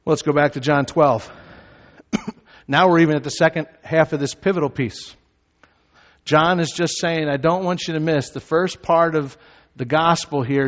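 A pastor preaching a sermon. He moves from measured teaching to loud, shouted emphasis. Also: fairly high pitch. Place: church sanctuary. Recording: reverberant hall, slightly dull sound.

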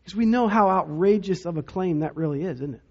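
A man preaching a sermon as pastor, dramatic, dropping to a hush to stress key points. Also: high voice, quick pace, muffled recording. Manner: dramatic, drops to a hush for emphasis.

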